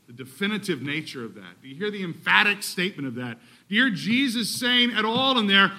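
Male pastor, sermon, high voice, very bright tone, emphatic rhetorical questions. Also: expressive, brisk, hardly any pauses. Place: church sanctuary.

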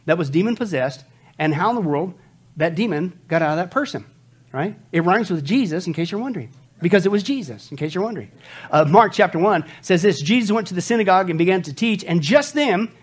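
A man preaching a sermon as pastor, emphatic, throwing rhetorical questions at the congregation and dropping from loud bursts to quiet asides. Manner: swings from loud outbursts to low asides.

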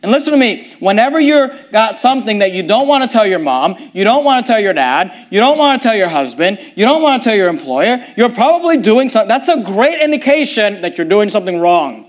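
A man's voice: high voice, very animated, fairly quick, few pauses. A man preaching a sermon, reading scripture aloud and asking his listeners pointed rhetorical questions.

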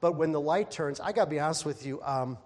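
A man preaching a sermon, lively and self-deprecating, who laughs at himself and bursts into loud exasperated asides. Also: quick pace, long reverb tail. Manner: animated, acting out exasperated quotes with sudden loud high outbursts; laughs at himself while talking. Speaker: pastor.

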